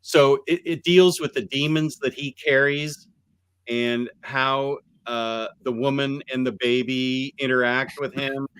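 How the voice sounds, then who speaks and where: Man, podcast host, unhurried halting delivery, smooth crisp tone. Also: mid-range voice, fairly even intonation, a bit bright, no room sound. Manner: halting, many ums and restarts. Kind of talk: casual chat. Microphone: USB microphone on computer.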